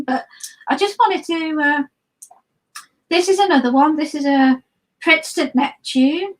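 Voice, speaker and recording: A high-pitched woman talks through her painting brushes on a live stream. She rambles casually, full of ums and restarts, in an easy chat. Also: poor audio. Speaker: guest watercolor artist.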